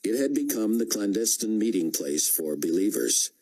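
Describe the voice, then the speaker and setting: Brief: low-voiced male narrator, husky texture, lively inflection. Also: moderate pace, poor audio. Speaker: audiobook narrator. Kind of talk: scripted narration.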